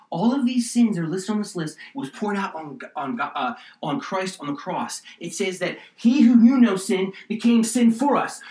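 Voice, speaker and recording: A man preaching a sermon as pastor, passionate and swinging between loud emphasis and quiet appeals. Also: high-pitched. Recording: roomy echo, distant mic.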